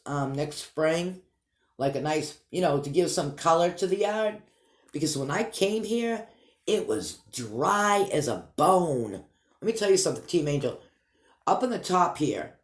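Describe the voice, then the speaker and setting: A man with a Boston accent, chatting casually and rambling upbeat to his vlog viewers. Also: a little high. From Massachusetts. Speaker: vlog host. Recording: echoey room.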